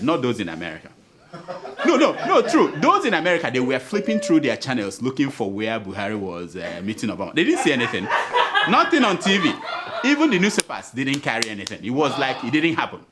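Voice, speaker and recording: A Nigerian man hosts a comic news show with a wildly swinging voice, laughing through his own jokes. His recording carries a noticeable hiss and clicks. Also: medium pitch. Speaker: satirical show host.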